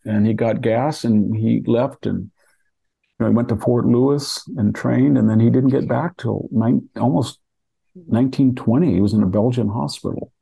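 A man's voice: mid-range voice, fairly even intonation, normal speed, vocal fry, mellow, breathy edge. An older man from California talking through history in a rambling, casual way, with many restarts and asides. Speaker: podcast host discussing history.

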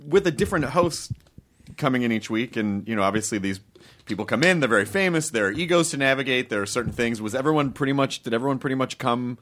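A man's voice: medium pitch, lively intonation, fast, a bit bright. Man hosting a casual podcast chat. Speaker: podcast host.

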